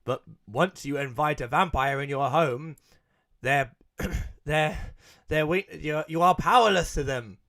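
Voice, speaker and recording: A young English man co-hosting a relaxed podcast, talking at an ordinary middle pitch. He rants and swears as he recaps a film, slipping into quoted voices. His talk is loose and full of restarts. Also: normal speed. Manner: ranting, swears, acts out quoted lines. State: coughing, something stuck in throat. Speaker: podcast co-host. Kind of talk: casual podcast chat.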